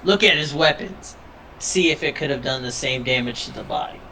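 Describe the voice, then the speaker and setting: A man's voice: fairly high pitch, a little fast, pushed and bright. A man playing in a tabletop game, brash and confrontational, laughing often. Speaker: player. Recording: distant mic with background noise.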